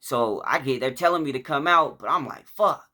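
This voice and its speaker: A man's voice: medium pitch, animated, a little fast. A man casually telling a story from his own life, profane and rambling, with a lot of restarts. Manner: profane, rambling, acts out shouts and quotes.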